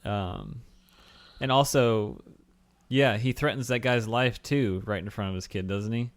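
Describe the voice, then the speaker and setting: A man's voice: mid-range voice, a little slow, dry recording. A man co-hosting a casual film-review podcast, rambling with fillers and laughing often. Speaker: podcast co-host.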